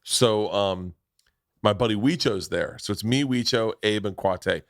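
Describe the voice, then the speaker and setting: A man telling a story in a casual chat, acting out quoted voices loudly as he goes. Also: lowish voice, measured pace, no echo, studio quality. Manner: animated storyteller, acts out loud quoted voices. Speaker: comedian podcast co-host.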